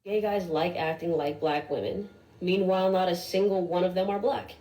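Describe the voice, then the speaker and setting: A woman's voice: fairly low pitch, fairly even intonation, normal speed, mellow, reverberant, rough recording. A woman giving a blunt, exasperated social media rant and swearing freely. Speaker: social media video creator.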